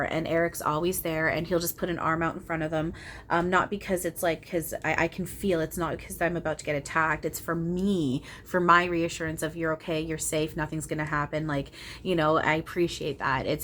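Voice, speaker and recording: A young woman with a lowish voice chats earnestly to camera about her spiritual encounters, animated and full of restarts. She sounds like she is at home in a small room, with a faint hum of background noise behind her. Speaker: spiritual channeler and video host. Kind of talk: casual spiritual chat to camera.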